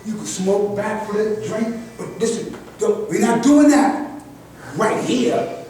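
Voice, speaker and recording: Older man, high-pitched, preachy group address, distant mic in a very echoey room. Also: expressive, slow, dark tone, a little hiss or hum. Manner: preachy, repeats "God" as address, restarts often. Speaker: speaker at a community gathering.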